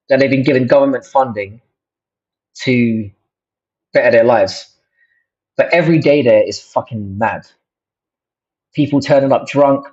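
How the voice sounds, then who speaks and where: A man's voice: mid-range voice, a little mellow. A young man, host of a casual livestream, chatting to viewers in a rambling, sweary way with many restarts. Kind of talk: casual livestream chat reacting to comments. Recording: dull lo-fi stream audio.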